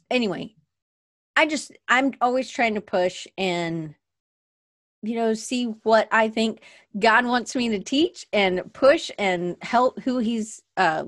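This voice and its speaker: A woman's voice: medium pitch, no room sound, studio quality. A woman hosting a casual livestream from her desk, rambling and chatty, often restarting her sentences. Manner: moves around at her desk. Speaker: podcast host. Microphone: webcam at desk.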